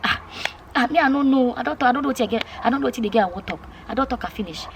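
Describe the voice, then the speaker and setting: A woman's voice: a little high, very fast, background noise. A woman with a Nigerian Pidgin accent, chatting casually and emphatically to her vlog viewers, repeating herself often. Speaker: vlogger.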